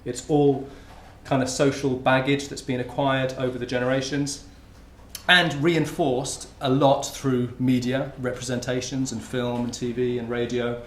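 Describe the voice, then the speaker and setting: In a roomy lecture hall with faint ambience, an academic gives a conference talk in an informal, conversational way. His mid-range voice is flat and measured, with a little hiss or hum in the recording.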